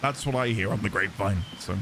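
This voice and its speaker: A British man streaming a video game, chatting casually with his viewers, quick to laugh and self-deprecating. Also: on the low side, noisy background. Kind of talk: casual live-stream chat.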